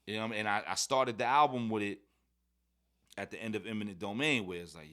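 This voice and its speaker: A man's voice: fairly low pitch, quick pace. A man, a rapper guest in a casual interview, telling stories and acting out quoted lines. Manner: animated storyteller, acts out quotes.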